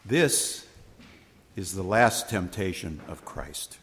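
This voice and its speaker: A man reading the gospel aloud and preaching a sermon in a church, solemn and measured, with dramatic pauses. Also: deep voice, a bit bright. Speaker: priest. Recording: long reverb of a church hall.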